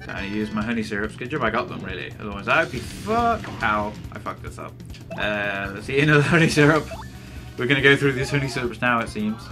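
A man's voice: medium pitch, lively intonation, a little fast, music in the background. A young man giving casual let's-play commentary, rambling and swearing freely. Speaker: gameplay commentator.

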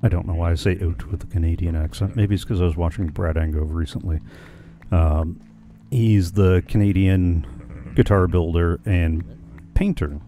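A man's voice: low voice, fairly even intonation, moderate pace, warm tone, faint music behind. A man chatting casually with his live-stream viewers while he plays, musing aloud and hesitating with frequent ums and restarts.

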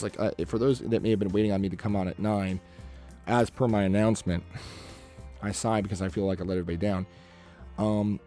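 Livestreaming a drawing session, a man with a fairly low, mellow voice chats casually with his stream chat. He rambles and mutters to himself while he works.

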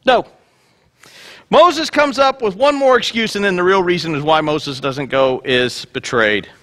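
A male pastor preaching a sermon in a church, lively and joking, acting out the dialogue in voices. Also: high-pitched, unhurried.

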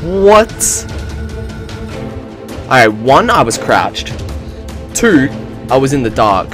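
Casual game commentator, a man with a lively voice who curses, jokes and yelps at scares. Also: mid-range voice, a little slow, music in the background. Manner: excitable, swearing, jokey, bursts into shouts. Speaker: gameplay commentator.

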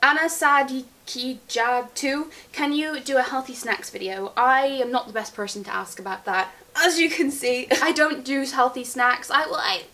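Chatty young woman, bright pitch. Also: steady tone, moderate pace. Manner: chatty, giggly, rambling. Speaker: beauty vlogger. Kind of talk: casual Q&A chat.

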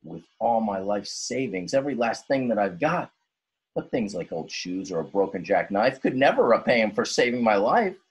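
A man voicing a greedy, grumpy old male crab in a high, squeaky, growling voice, reading a storybook aloud. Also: sing-song, moderate pace, slightly rough, exaggerated voice, poor audio. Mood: grateful.

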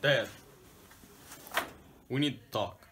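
A man's voice: mid-range voice, takes it slowly, noisy background, close to an everyday voice. A man playing a sulky, angry young son. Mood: somber. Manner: deadpan and sulky, flaring into shouts. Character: angry, fed-up young adult son leaving home. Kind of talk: comedy sketch acting.

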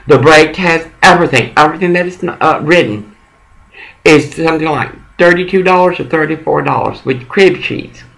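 A man's voice: on the high side, gravelly, fairly bright tone. A middle-aged man on a one-sided phone call, rambling, coaxing and profane. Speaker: caller.

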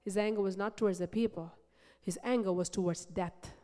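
A woman preaching a sermon in a church, passionate and emphatic, repeating phrases and swinging between loud build-ups and soft, low passages. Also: steady tone, a little fast. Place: church sanctuary. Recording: long reverb of a church hall.

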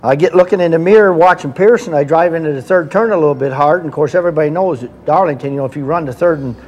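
A man's voice: on the high side, very fast, a little mellow. A man with a slightly raised voice tells an old race story in an easygoing way. He chuckles as he goes. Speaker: former driver telling a story. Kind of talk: casual storytelling among old racers.

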